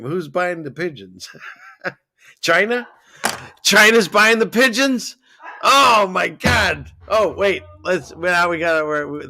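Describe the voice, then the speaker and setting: Gravelly, bright-voiced rambling man. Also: mid-range voice, dry recording. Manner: excitable, rambling, jumps between topics. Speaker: livestream host. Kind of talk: casual chat reading viewer comments.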